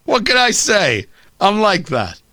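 Sarcastic high-voiced talk radio host man. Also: huge pitch swings, unhurried, pushed and bright, no room sound, studio quality. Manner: sarcastic, mocking, does voices. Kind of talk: opinionated talk radio monologue.

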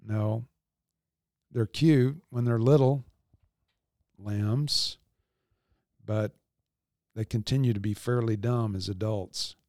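A man hosting a devotional podcast, teaching in a calm, reflective way. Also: lowish voice, slow pace, long pauses, no echo, studio quality.

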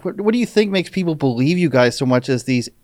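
A man's voice: fairly high pitch, expressive, fast, darkish tone, dry recording, studio quality. A man hosting an interview, asking curious questions and chuckling as he goes. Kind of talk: casual interview.

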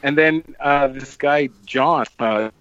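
A man casually telling a long, rambling story on a podcast. He swears a lot and acts out what people said with sudden jumps in pitch. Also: slow, fairly bright tone, lo-fi sound. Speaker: podcast host.

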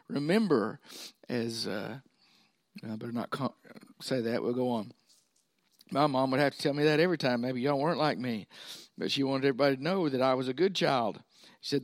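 A man's voice: medium pitch, brisk, dry recording, studio quality. A man preaching a sermon, folksy and often checking in with his listeners. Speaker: pastor.

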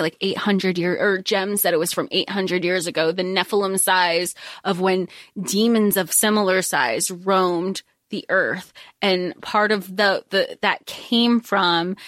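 A woman with a mid-range voice, chatting about a novel in an animated, rambling way. She slips into the characters' voices as she goes. The recording is dry and close. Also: medium pitch, dry recording. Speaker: podcast co-host. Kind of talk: casual book recap chat.

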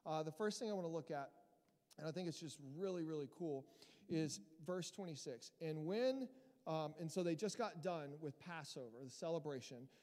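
A man with a fairly high voice preaches a sermon in a church hall, his words trailing off into a long reverb. He talks in a lively, emphatic way and builds to loud peaks. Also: moderate pace. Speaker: pastor.

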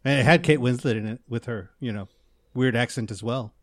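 A man co-hosting a casual podcast chat, joking with quick quips. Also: mid-range voice, no echo, studio quality. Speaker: podcast co-host.

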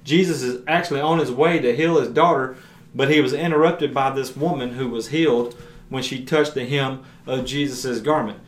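A man of ordinary pitch gives a conversational Bible teaching for his podcast. He retells scripture earnestly in plain everyday words. His voice rings around a roomy, echoing space. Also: steady tone, moderate pace. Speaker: podcast preacher. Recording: roomy echo.

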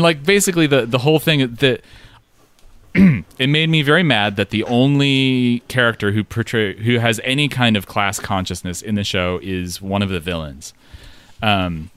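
With a fairly low, clear, resonant voice and no echo in the sound, a man co-hosts a casual chat. His critique meanders with fillers, profanity, and frequent laughter.

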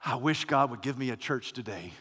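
A man preaching a sermon dramatically, swinging from shouts to near-whispers. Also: medium pitch, expressive, brisk, big-room sound.

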